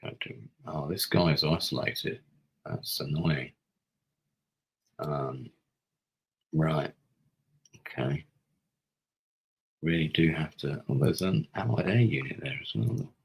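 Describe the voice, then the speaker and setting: A deep, gravelly man in middle age, talking his way through a strategy game on a live stream. He mutters and thinks aloud to himself, his voice a touch husky. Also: takes it slowly, long pauses, poor audio. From England. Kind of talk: casual gaming commentary.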